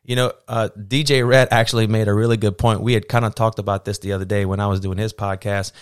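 A man's voice: fairly low pitch, fast, smooth, dry recording, studio quality. A man, chatting easily as a guest and telling stories about his family and his videos. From South Louisiana. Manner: easygoing storyteller, animated when quoting others. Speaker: guest, TikTok creator. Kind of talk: casual conversation.

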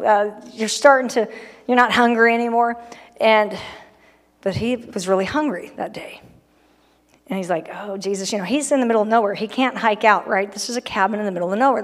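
Humorous woman preaching in a reverberant church. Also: on the high side. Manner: conversational and humorous, acting out people. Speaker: pastor. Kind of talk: sermon. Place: church sanctuary.

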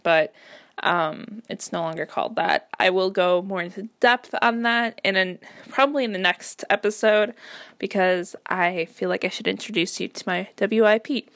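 Young woman rambling excitedly on her writing podcast, kinda stuffy nose, medium voice. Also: medium pitch, no room sound. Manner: chatty, enthusiastic, lots of fillers. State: slightly congested. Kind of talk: casual solo podcast chat.

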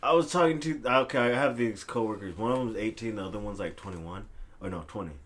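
A man's voice: lowish voice, fast, a bit bright. A young man in casual, profane conversation, rambling loosely and trailing off into mumbles. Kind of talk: casual chat.

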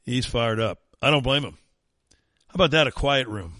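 A man's voice: medium pitch, expressive, normal speed, sharp tone, no echo. A man hosting a talk radio show, ranting in an indignant, sarcastic monologue into a studio microphone.

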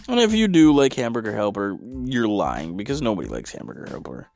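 A man's voice: lowish voice, big pitch swings, a little fast, few pauses, a little mellow, faint music behind. A man performing a stand-up comedy routine, with exasperated rants and big vocal swings.

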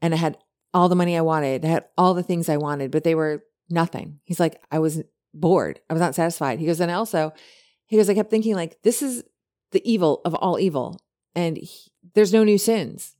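A woman co-hosting a podcast, chatting casually and retelling a story with many animated quotes. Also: lowish voice, moderate pace. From lived in California. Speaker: podcast co-host.

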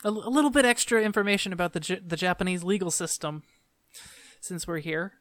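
Podcast co-host, male, smooth dry voice, griping and exasperated. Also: sits high, quick pace, fairly bright tone, no room sound. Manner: ranting, exasperated complaining. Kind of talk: casual chat.

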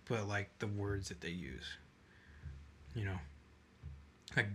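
A young man co-hosting a podcast, chatting casually and putting on quick drawled voices in his stories. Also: on the low side, slightly rough. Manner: animated storyteller, puts on drawled voices. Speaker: podcast co-host. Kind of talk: casual chat.

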